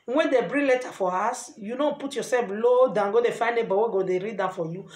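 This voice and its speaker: High-voiced woman with a Nigerian Pidgin accent. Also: brisk. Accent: Nigerian Pidgin English. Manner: earnest, preachy, lively. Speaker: vlogger giving advice. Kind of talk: casual advice monologue. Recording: echoey room.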